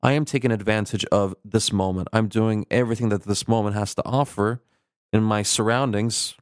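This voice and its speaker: A man's voice: fairly low pitch, steady tone, moderate pace, no room sound, clean studio sound. A man as a guest on a casual podcast, telling rambling anecdotes with lots of fillers.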